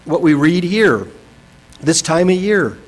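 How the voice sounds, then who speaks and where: Man, pastor preaching, emphatic, scripture reading, slightly high voice. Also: expressive, poor audio. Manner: swings between soft and emphatic, slows for stress; reads scripture aloud. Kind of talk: sermon.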